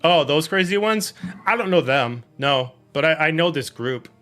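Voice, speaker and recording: A man's voice: fairly high pitch, animated, moderate pace, pushed and bright, voice pushed up. A man voicing a brash, casual female druid who rambles and swears freely. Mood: offhand.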